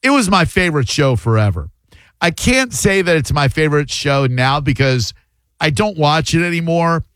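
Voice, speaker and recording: A man hosting a radio call-in show, chatty and animated. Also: a little high, moderate pace, clean tone, no echo. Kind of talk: casual radio talk with callers.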